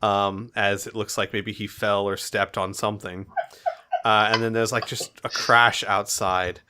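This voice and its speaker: A man's voice: on the low side, little pitch movement, a little slow, noisy background. A man running a tabletop game as game master, narrating casually with many fillers and laughs.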